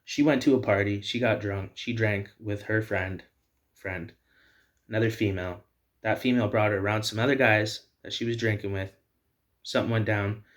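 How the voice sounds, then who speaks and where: A man's voice: fairly low pitch, steady tone, normal speed. A man hosting a video, delivering heated, repetitive personal commentary. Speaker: video host.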